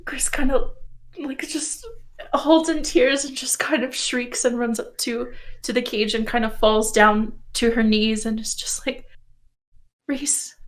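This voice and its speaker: A woman player describes her character's actions in a slightly high voice. Her talk rambles, with many fillers and restarts. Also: fairly even intonation, unhurried.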